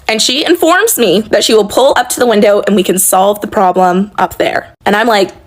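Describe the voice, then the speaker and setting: A woman telling a story about work to the camera in a casual, animated and sarcastic way, swearing freely. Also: a little high, fairly quick. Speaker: service worker.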